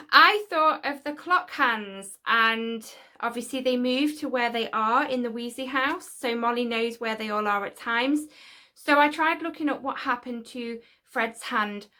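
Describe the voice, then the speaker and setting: A woman with a high, bright voice hosting a casual fan vlog. She chats along informally and breaks off now and then into excited asides. Her tone stays light and sharp throughout. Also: unhurried. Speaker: fan channel host.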